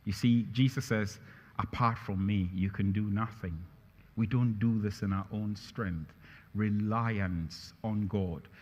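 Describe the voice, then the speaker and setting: A pastor preaches a sermon in a large church hall, emphatic and repeating phrases, his pitch and volume climbing on key lines. His tone is steady and a little mellow, and his pace is slow. The church hall's reverb is audible on the recording.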